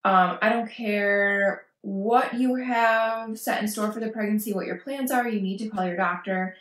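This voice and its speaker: A woman in a mid-range voice gives chatty parenting advice to camera, reassuring and lively as she acts out anxious quotes. Her voice rings around a bare, echoey indoor room. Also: medium pitch, unhurried. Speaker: parenting vlogger. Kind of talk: casual advice talk to camera.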